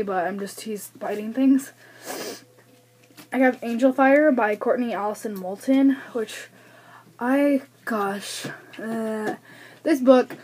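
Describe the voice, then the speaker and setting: Slightly high with a darkish tone, a young American woman's voice carries her rambling book haul vlog. She's talkative, self-deprecating, and a bit out of breath, and the audio comes from a camera's built-in mic.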